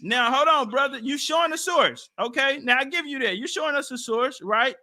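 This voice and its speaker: A man with a high, ringing voice and an African American Vernacular English accent, pressing his point on a live-stream debate panel over a video call. He cuts in, repeats names and questions again and again, and talks over the others. His tone stays sharp and forceful. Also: brisk.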